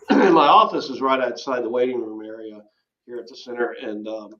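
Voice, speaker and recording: A man recounts a hard personal story as an interview guest, speaking haltingly and stopping often to clear his throat. His voice sits at an ordinary pitch, and the recording is slightly dull and lo-fi. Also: bright, forceful tone. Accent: Southern American. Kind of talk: candid personal testimony.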